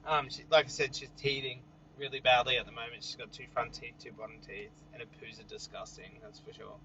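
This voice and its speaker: A man's voice: medium pitch, little pitch movement, brisk, sharp tone, highs cut off, a little hiss or hum. A young Australian man hosting a casual night-time livestream outdoors, chatting with viewers and joking easily. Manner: joking, chuckles often, easygoing. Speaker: livestream host. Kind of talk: casual live chat reading viewer comments.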